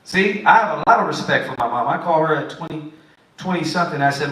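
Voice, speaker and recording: A man teaching the Bible in a lively, preachy way, acting out what kids and parents say. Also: a little high, quick pace. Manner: animated, preachy, acts out quotes of kids and parents. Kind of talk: sermon-style teaching. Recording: echoey room, far from the mic.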